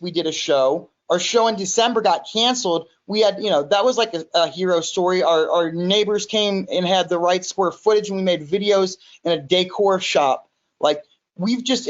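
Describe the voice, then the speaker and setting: High-voiced man telling a story. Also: dull audio. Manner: animated, repeats himself, quotes himself. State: recovering in hospital. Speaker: podcast guest, music studio owner. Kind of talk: casual storytelling.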